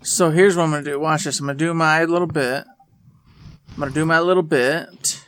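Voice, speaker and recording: A man's voice: on the high side, fairly even intonation, brisk, fairly bright tone, smooth. A man on a headset in voice chat, talking to himself, puzzled and making silly sound effects. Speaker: friend in a voice chat. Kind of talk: casual chat over voice chat.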